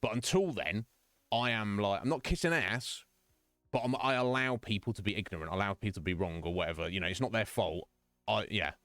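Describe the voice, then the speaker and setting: A man's voice: on the low side, a little fast, fairly bright tone, no echo. A British man streaming and chatting casually, rambling through anecdotes with lots of asides. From Britain. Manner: rambling storytelling with quoted voices and laughs. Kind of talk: casual chat.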